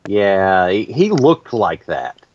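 A man hosting a casual chat, telling stories with lively energy and frequent laughs. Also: low-pitched, slow, dull audio. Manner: animated storytelling, laughs often.

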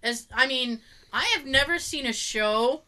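Her voice sits high and sharp-toned, at a measured pace, as this Boston-area woman with a Boston accent co-hosts a podcast in casual chat. She acts out quotes in her story and keeps breaking into laughs.

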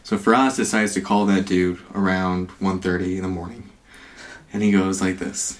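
A man's voice: sits low, little pitch movement, moderate pace. A man in a casual chat, telling an anecdote with lots of fillers. He laughs often and keeps the delivery loose and conversational.

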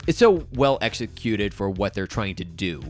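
This podcast co-host has a fairly low, darkish voice with a sing-song lilt and moderate pace. He's chatting casually about an album, wandering through fillers and restarts as music plays faintly in the background.

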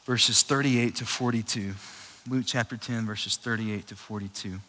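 A young adult man preaching a sermon in a conversational, animated way, with frequent fillers and restarts. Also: fairly low pitch, normal speed, rough recording. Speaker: pastor.

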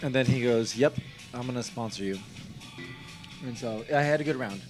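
A man chatting casually, excitable and stumbling over repeated words. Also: medium pitch, normal speed, faint music behind. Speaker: golfer and guest. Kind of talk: casual chat.

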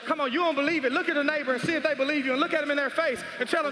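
A man preaching a sermon, emphatic and repetitive, calling for responses and rising to shouts. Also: very high-pitched, fairly even intonation, rapid-fire, few pauses. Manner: rises to shouts at peaks. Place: large church hall. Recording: echoey hall with music behind. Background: music.

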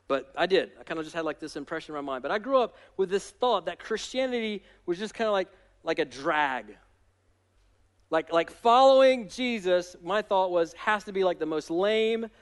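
A male pastor preaching a sermon in an energetic, emphatic way, with self-deprecating humor. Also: high voice.

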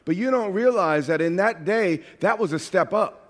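A man from New York preaching a sermon as a pastor, animated and at times shouting. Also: high-pitched, moderate pace, big-room sound.

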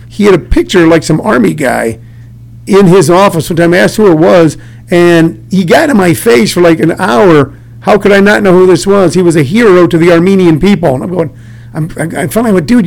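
An older man hosting a comedic radio chat, telling jokey stories and breaking into shouty put-on rants. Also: sits high, animated, fairly quick, creaky, rough recording.

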